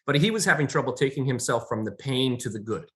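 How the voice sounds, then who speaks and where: A young adult man co-hosting a casual talk show, animated and storytelling as a counselor. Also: mid-range voice, fast. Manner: animated, storytelling with acted quotes. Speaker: podcast co-host, counselor. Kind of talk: casual conversation.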